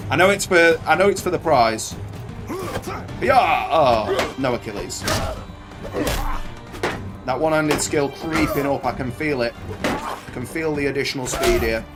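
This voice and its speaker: A man's voice: mid-range voice, a little slow, pauses often, over loud music. A man commentating his own game playthrough, chatty and bantering as he swears at the soldiers on screen. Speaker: gaming channel host. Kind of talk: let's play commentary.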